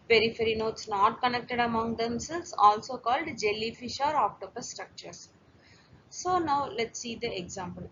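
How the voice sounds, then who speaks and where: A woman's voice: fairly high pitch, a bit bright. A woman giving a recorded lecture, explaining step by step with occasional fillers and restarts. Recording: dull lo-fi lecture recording with faint hiss.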